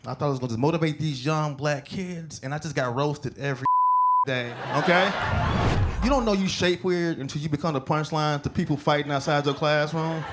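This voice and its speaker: A man doing a stand-up set on a club stage, telling stories with animated acted-out voices into a handheld mic. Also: fairly high pitch. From Chicago. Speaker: stand-up comedian. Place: comedy club stage before a live audience. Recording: live club recording with crowd and noise. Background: audience laughter.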